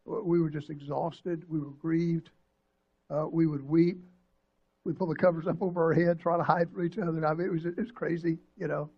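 An older man, preaching a sermon as pastor and telling a personal story in an emotional, halting way with many restarts. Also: on the high side, little pitch movement, slightly rough, highs cut off. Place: church sanctuary.

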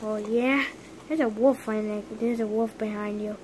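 A woman's voice: fairly high pitch, fairly even intonation, normal speed, darkish tone, a little hiss or hum. A woman casually role-playing characters while gaming, with playful, dramatic trash talk.

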